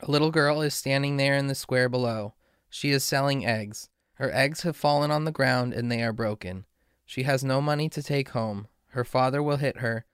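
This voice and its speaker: A man reading a fairy tale aloud in a slow, measured way. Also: medium pitch, a bit bright, smooth, no echo, studio quality. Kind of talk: storybook reading.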